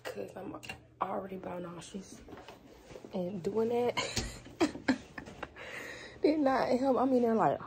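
A woman's voice: medium pitch, slow, creaky, long pauses, noisy background. A young woman, chatting casually and candidly to her phone camera as a vlogger. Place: at home and in a car. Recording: music playing loud behind.

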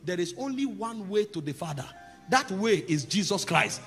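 A man preaching a sermon, teaching calmly, then rising to loud, emphatic declarations over soft background music. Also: sits high, normal speed.

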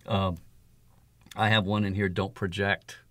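A deep, flat, unhurried voice belongs to a man being interviewed, an author and father recounting his experiences. The storytelling is conversational, earnest and reflective with gentle laughs, and there is no echo.

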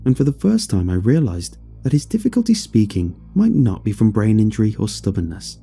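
A man's voice: lowish voice, mellow, breathy edge. A man narrating a horror story as scripted, dramatic first-person storytelling. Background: faint music.

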